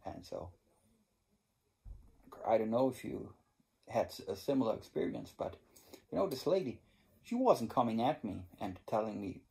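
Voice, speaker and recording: A man's voice: medium pitch, sing-song, normal speed, creaky, long pauses, a little mellow. A man hosting a cigar channel who tells a story casually to his viewers, rambling, restarting his sentences and swearing now and then. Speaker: cigar review channel host. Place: home in Germany.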